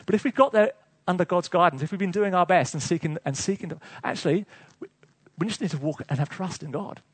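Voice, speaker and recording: A male preacher with a high, husky voice, delivering a sermon with lively storytelling and chuckled asides to the congregation. Recorded close and dry. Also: quick pace, dry recording.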